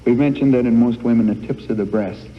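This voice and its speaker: A man giving a frank family life lecture to a live group, folksy and halting, recorded on worn old reel-to-reel tape in a hall. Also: mid-range voice, muffled recording, slight background noise. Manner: folksy, halting with many uh fillers.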